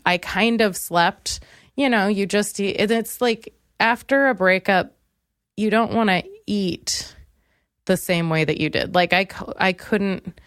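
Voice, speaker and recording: Young woman comic host, low-ish smooth voice, loose rambling profane storytelling, dry close mic. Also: no room sound. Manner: rambling, candid, profane, many fillers and restarts. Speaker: podcast host. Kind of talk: comedic storytelling monologue.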